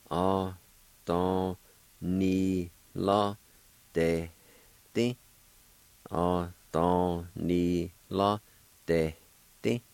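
A man's voice: low voice, no room sound, rough recording. A man hosting a radio language lesson. He patiently spells words out letter by letter, repeats each one, and encourages his listeners. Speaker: language teacher and radio host.

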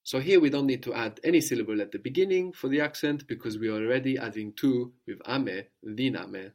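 A man leads a language lesson at a medium pitch. He prompts with questions, patiently repeats each answer back and explains the rules step by step. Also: fast talker, darkish tone. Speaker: language teacher.

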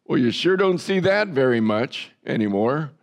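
A man's voice: mid-range voice, expressive, normal speed, pitched above the performer's own voice, lightly acted. A man voicing a wry passing biker. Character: male motorcyclist, a stranger remarking on lost manners.

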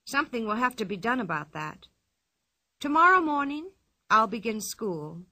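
Woman doing a brash headstrong little girl, storybook voice, high and bright, dry sound. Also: big pitch swings, normal speed, no room sound, full character voice. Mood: indignant. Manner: brash and indignant. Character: bold, cheeky, headstrong young girl. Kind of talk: storybook reading.

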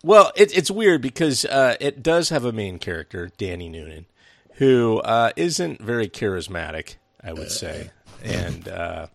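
A man with a low, gravelly voice co-hosts a casual movie review podcast. He is blunt and casually profane, with plenty of loose fillers. The sound is close and dry. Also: expressive, measured pace, no echo. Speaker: podcast co-host.

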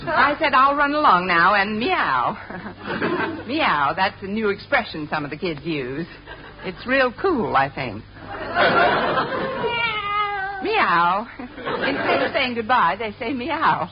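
An actress playing a quick-witted female schoolteacher in a 1950s radio sitcom, breezy and wisecracking, heard in an old radio broadcast with audience laughter and hiss. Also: mid-range voice, very animated, lo-fi sound, over a noisy crowd. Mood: playful.

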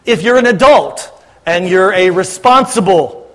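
A man's voice: sits high, animated, measured pace, fairly bright tone, big-room sound. A man preaching as a pastor, talking to his congregation in a conversational, joking way. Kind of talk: sermon Q&A.

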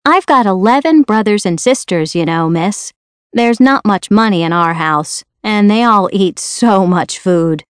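A woman's voice: mid-range voice, clean tone, no room sound, clean studio sound, lightly acted. A woman voicing a kind, talkative young female maid from Yorkshire with a Yorkshire accent, in a storybook reading.

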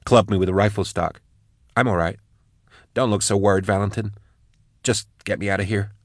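A man voicing a bruised, fierce woman prisoner with sharp, urgent speech in a lifted voice. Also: lowish voice, fairly even intonation, moderate pace, no room sound, clean studio sound.

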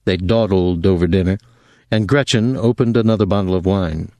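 Low-voiced male audiobook narrator. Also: normal speed, darkish tone, no room sound. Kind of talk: scripted narration.

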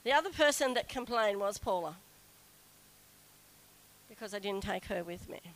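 A middle-aged woman telling a personal story to an audience in a chatty, animated way. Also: moderate pace, rough recording. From Australia. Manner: chatty, animated, acts out quoted whining in a high voice. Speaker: speaker telling a story to a group.

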